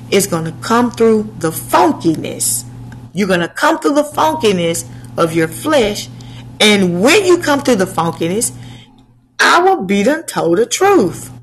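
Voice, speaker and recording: A woman preaching a slow sermon to her channel's viewers, asking rhetorical questions and answering them. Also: fairly high pitch, slight background noise, rough recording.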